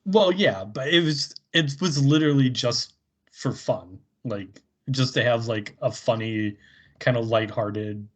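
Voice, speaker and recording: Male podcast co-host, unhurried, rambly, laughs a lot. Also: medium pitch. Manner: rambling, laughs often, many fillers. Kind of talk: casual chat recapping an episode.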